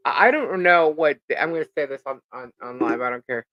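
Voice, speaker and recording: A woman's voice: sits low, expressive, brisk, no room sound, muffled recording. A woman co-hosting a live stream, telling a rambling story in casual chat, laughing often and filling with "uh" and "like".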